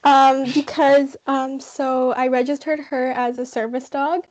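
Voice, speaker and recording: A young woman, a university student, answering interview questions in a hesitant, halting way. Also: sits high, level tone, a little mellow. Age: young adult. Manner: hesitant, halting with many pauses. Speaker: guest, university psychology student.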